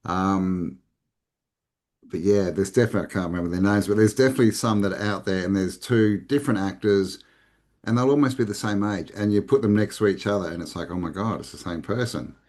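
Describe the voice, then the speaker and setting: A relaxed Australian man chatting as a podcast guest, with a fairly low voice. He rambles loosely and restarts his sentences often. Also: brisk. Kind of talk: casual conversation.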